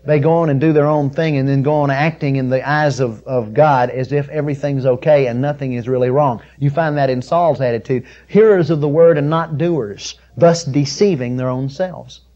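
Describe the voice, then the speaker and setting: A man preaching a sermon, emphatic and rising to loud peaks on scripture, then dropping soft and low. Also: fairly even intonation, moderate pace, few pauses, highs cut off. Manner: drops soft and low on intimate points.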